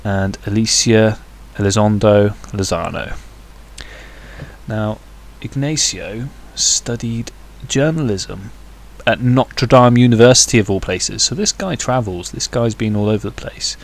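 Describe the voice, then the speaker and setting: This solo podcast host has a fairly low voice with lively intonation, and he talks a little slowly. His chat is casual and wandering, full of hesitations and crude jokes tossed in along the way.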